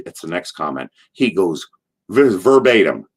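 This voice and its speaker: An older man and former wrestler, a guest in an interview, spinning long anecdotes with lively restarts and repeated words. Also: low-pitched, measured pace, breathy edge. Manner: animated retelling with frequent restarts and repeated words. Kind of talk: anecdotal storytelling.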